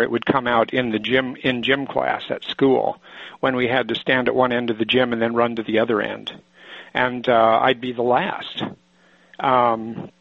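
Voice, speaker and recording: An older man from Oregon, a psychoanalyst, telling a personal story in a halting, thoughtful way with many restarts, on a muffled lo-fi recording. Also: medium pitch, creaky, no room sound. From Oregon, USA.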